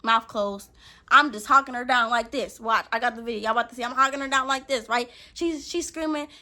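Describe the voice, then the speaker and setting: A young woman with a high, bright voice tells a story as a vlogger. She talks casually and with a lot of energy, swearing freely and acting out her own lines as she goes. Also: fairly quick. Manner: animated, profane, acts out what she said.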